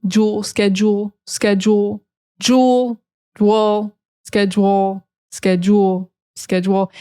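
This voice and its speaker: A young woman with an American accent, giving a casual pronunciation lesson and repeating words slowly for learners to copy. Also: mid-range voice. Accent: General American. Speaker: English teacher.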